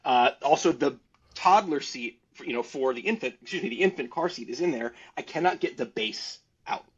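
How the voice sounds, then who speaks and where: A man's voice: medium pitch, lively intonation, a little fast, husky. A man on a podcast telling a story casually and animatedly, rambling and laughing between lines. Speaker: podcast guest. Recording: dull lo-fi sound.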